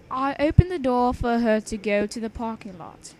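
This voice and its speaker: A woman's voice: on the high side, moderate pace, few pauses, background noise. A young woman casually reading her own story aloud, chatting and rambling with frequent stumbles and restarts. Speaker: story reader.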